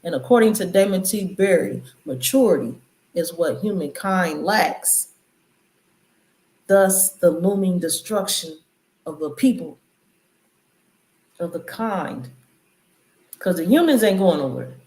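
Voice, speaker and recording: A woman's voice: fairly low pitch, expressive, a little slow, long pauses, a little mellow. Woman preaching casually in an echoey room. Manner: loose, conversational, preachy riffs. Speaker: channel host. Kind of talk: casual spiritual commentary.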